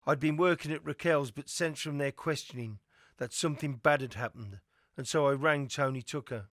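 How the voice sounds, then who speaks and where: Measured male documentary narrator. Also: medium pitch, a bit bright, no room sound, studio quality.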